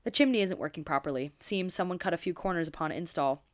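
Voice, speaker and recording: A woman's voice: fairly low pitch, quick pace, lightly acted. Woman reading as a blunt rugged cowboy neighbor. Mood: matter-of-fact.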